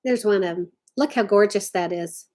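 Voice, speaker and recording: A woman's voice: medium pitch, normal speed, a little mellow. A woman hosting a casual craft livestream from home, chatting and reading viewer comments aloud. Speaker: livestream host.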